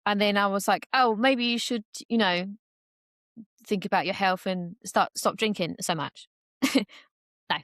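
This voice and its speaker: A woman's voice: medium pitch, a little slow, pauses often, a bit bright, no echo, clean studio sound. A young woman talking openly as a podcast guest, chatty and full of fillers, acting out the voices she quotes. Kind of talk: casual conversation.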